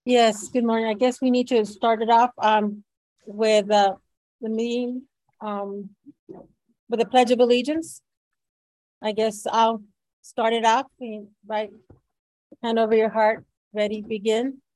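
A woman's voice: a little high, flat delivery, a little slow, pauses often, a little mellow, no echo, low-quality recording. Lady running a school board meeting, casual and unsure, dry close sound. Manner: hesitant, casual, full of fillers. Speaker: board chair. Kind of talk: chairing a meeting.

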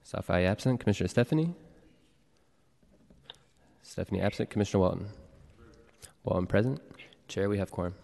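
Low-voiced male clerk calling the roll. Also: fairly quick, gravelly, long pauses. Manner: even, formal, reading out procedures. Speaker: board clerk. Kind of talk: formal roll call and procedural announcements. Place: legislative chamber in a city hall. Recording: long reverb of a large chamber.

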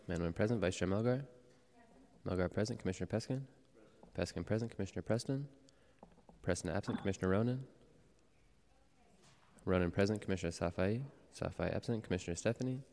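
Deep-voiced clerk reading the roll. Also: male voice, darkish tone. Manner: formal, measured reading. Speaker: board clerk. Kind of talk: reading roll call and announcements. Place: city hall legislative chamber. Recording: echoey chamber with long reverb.

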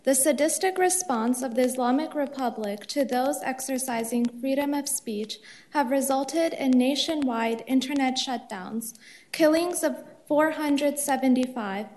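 A woman's voice: high voice, darkish tone. A woman reading an earnest prepared statement as a public commenter at a city council meeting.

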